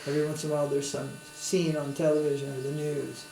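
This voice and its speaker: A swami lectures on spiritual matters in a conversational, anecdotal way, with tag questions, asking his audience to follow along. His voice is a little high and mellow with vocal fry, delivered fast and flat, and the recording is roomy with a faint hum.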